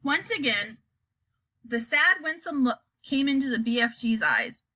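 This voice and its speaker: A woman's voice: high-pitched, animated, a little slow, bright, forceful tone, dry recording. Woman reading a children's storybook aloud. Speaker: audiobook reader. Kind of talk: storybook narration.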